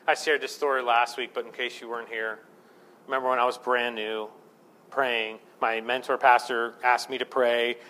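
A man's voice: mid-range voice, pushed and bright. A man preaching a sermon as pastor, conversational and self-deprecating, building to fervent emphasis.

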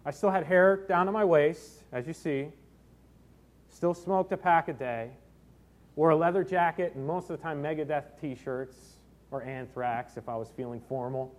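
A man's voice: fairly high pitch, moderate pace. A middle-aged man preaching a sermon, telling personal stories with self-deprecating humor. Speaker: pastor.

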